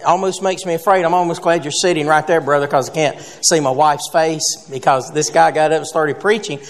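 A man's voice: fairly high pitch, fairly even intonation, brisk, big-room sound. A man preaching a sermon as pastor, telling folksy stories and jokes between Scripture points. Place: church sanctuary.

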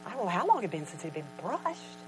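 A woman telling a personal story in a sermon, animated and laughing, then dropping to a soft, nearly whispered voice in tender moments. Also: medium pitch, quick pace, background noise. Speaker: Christian speaker telling a story.

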